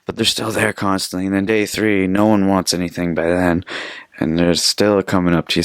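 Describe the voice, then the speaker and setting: A man's voice: fairly low pitch, dry recording, studio quality. A young man from Canada hosting a casual solo podcast, telling stories in a rambling, profane, chatty way. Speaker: podcast host.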